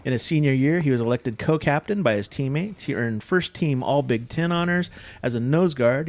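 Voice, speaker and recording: A man's voice: mid-range voice, darkish tone. A man hosting a podcast, chatting casually with his co-hosts and then reading a guest introduction. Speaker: podcast host. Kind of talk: casual chat and show intro.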